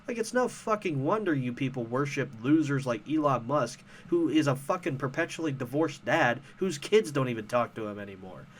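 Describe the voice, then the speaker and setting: A man's voice: mid-range voice, lively intonation, moderate pace, few pauses, slight background noise. A man hosting a casual commentary show, ranting about online arguments in a profane, sarcastic, heated way. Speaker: host.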